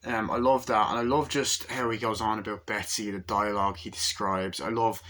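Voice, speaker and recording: Young guy casually reviewing a film, kinda low voice, bright tone, rambling, does little impressions. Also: fairly even intonation, normal speed. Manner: rambling, acts out film lines in raised voices. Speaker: movie reviewer.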